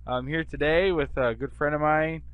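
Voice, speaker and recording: A man's voice: a little high, moderate pace, clear, resonant tone, dry recording, narrow, tinny audio. Guy teaching english, laid back, keeps asking "okay?", dry mic. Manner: relaxed, chatty, checks in with "okay?" and "right?". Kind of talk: conversational English lesson.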